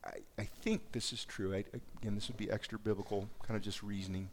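A man's voice: fairly low pitch, steady tone, fast, a little hiss or hum. A man preaching a sermon, reading scripture aloud and reflecting on it in a conversational way. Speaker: pastor.

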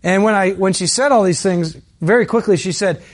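A pastor with a high, brisk voice preaches a sermon built around a personal story. He speaks earnestly and conversationally, building to emphatic peaks.

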